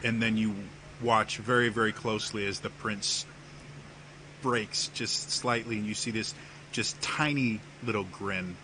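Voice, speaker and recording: A man narrating a tabletop game as game master, slow and hesitant with many fillers. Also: lowish voice, fairly even intonation, background noise.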